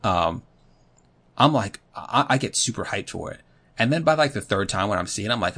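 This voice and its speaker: A man's voice: on the low side, expressive, normal speed, creaky, a bit bright, husky. A man co-hosting a podcast in casual chat, telling rambling stories full of fillers. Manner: rambling storyteller, heavy on fillers. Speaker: podcast co-host.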